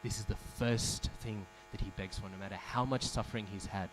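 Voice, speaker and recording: A man's voice: on the low side, fairly even intonation, fairly quick, background noise. A man giving a devotional class in a temple, telling a story, acting out the quoted speech and asking the audience questions. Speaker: speaker giving a scripture class. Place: temple hall.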